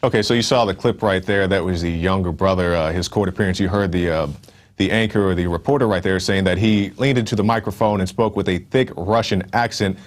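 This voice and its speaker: Deep-voiced male news host. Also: fairly even intonation, brisk. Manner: conversational, fillers and asides while reading stories. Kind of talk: news commentary.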